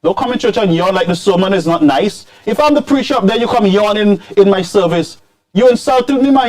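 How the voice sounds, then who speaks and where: A man hosting political commentary, scolding and animated, dropping into Creole phrases. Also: high-pitched, a little fast. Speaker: commentary show host.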